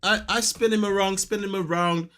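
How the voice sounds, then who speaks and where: A podcast co-host with a high voice chats casually at a normal speed. He tells stories with a lot of animation, acting out quotes and laughing often.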